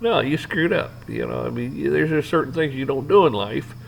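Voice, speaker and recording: A man's voice: mid-range voice, animated, fairly quick, vocal fry, poor audio. A man ranting off the cuff, rambling and swearing, with lots of restarts and fillers. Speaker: vlogger ranting to camera. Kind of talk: off-the-cuff rant.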